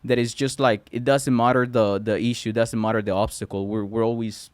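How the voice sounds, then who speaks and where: A man's voice: mid-range voice, steady tone, brisk, no room sound. Colombian-accented man, eager podcast guest. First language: Spanish. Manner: eager, restarts words often. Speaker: guest entrepreneur. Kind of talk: casual podcast conversation.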